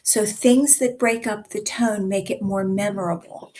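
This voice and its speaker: A woman in her sixties hosting and coaching, teaching in a conversational way with deliberate pauses. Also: mid-range voice, steady tone, warm tone. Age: 60s. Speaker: host and speaking coach.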